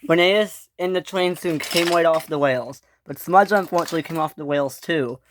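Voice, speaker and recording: A woman's voice: deep voice, normal speed, background noise. A woman narrating an improvised toy train story in a breathless, stumbling way.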